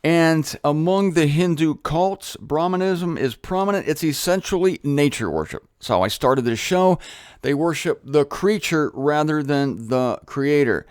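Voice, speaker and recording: A man hosting his own show, teaching in a casual, chatty way with jokey asides and animated emphasis. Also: a little high, unhurried, smooth, no echo, clean studio sound. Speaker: host. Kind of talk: casual solo Bible teaching talk.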